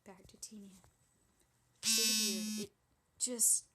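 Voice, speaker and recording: A woman's voice: medium pitch, flat delivery, takes it slowly, heavy background noise, natural voice. Woman playing sassy gossiping young woman. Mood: dramatic gossip. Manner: breathless, indignant, gossipy storytelling. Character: sassy dramatic young woman telling a wild story. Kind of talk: comedic character monologue.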